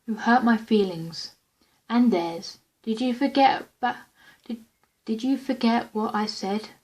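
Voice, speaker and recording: Brief: a gentle, caring fatherly guy, voiced lightly by a woman reading her fan script, slightly raised pitch. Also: slow pace, poor audio. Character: kind fatherly young man, gentle and caring.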